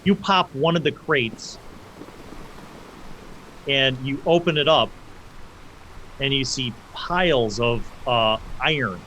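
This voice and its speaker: A man's voice: medium pitch, sharp tone, rough recording. A young man running a tabletop game as game master, narrating loosely with fillers and restarts. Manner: loose, casual, halting with fillers. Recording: faint background noise.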